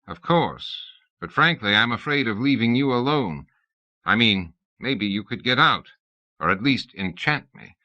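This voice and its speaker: A man's voice: medium pitch, animated, a little slow, pushed and bright. A man voicing a timid, nervous young man who speaks hesitantly. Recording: dull lo-fi audiobook tape.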